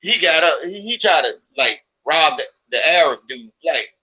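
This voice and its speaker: A man from Mississippi talks loosely and profanely, circling back to repeat his points. His voice is forceful and bright, pitched a little high. The recording sounds muffled and lo-fi. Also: animated, moderate pace, husky. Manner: profane, emphatic, repeats himself to drive a point home. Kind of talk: casual chat.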